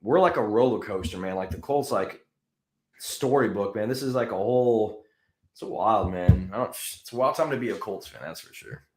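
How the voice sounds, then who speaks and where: A man's voice: lowish voice, moderate pace, a little mellow. A man hosting a casual sports chat, rambling with lots of fillers and restarts. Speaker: podcast host. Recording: echoey room.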